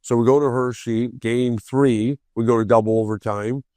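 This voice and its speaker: A man, a former pro hockey player, telling profane, animated stories as a podcast guest and acting out other people's voices. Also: mid-range voice, normal speed, dry recording. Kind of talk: casual storytelling on a podcast.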